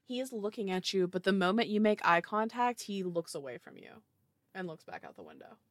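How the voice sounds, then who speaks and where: A woman's voice: medium pitch, sing-song, a little fast, dry recording. Woman narrating as game master.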